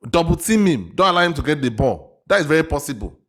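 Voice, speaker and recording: A man's voice: a little high, sing-song, fast, a bit bright. A man from Africa hosting a reaction video, arguing his point emphatically with repeated questions. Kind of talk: casual reaction commentary.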